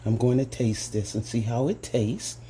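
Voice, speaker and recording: A man's voice: medium pitch, normal speed, warm tone, slight background noise. A man hosting a casual cooking demonstration in a home kitchen, chatting to his viewers as "guys" and savoring each taste with little hums. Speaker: home cooking channel host.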